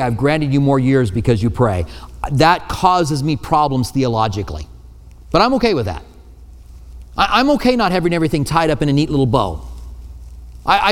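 Man preaching in a reverberant sanctuary. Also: mid-range voice. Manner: conversational, self-deprecating asides. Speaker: pastor. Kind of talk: sermon. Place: church sanctuary at a pulpit. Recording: long hall reverb.

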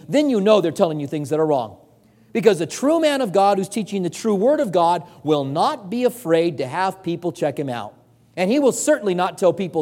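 A man with a high voice delivers a sermon as pastor, earnest and conversational. He repeats his points for emphasis. The sound rings out with a long reverb, as in a church sanctuary. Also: big pitch swings, normal speed, a little mellow.

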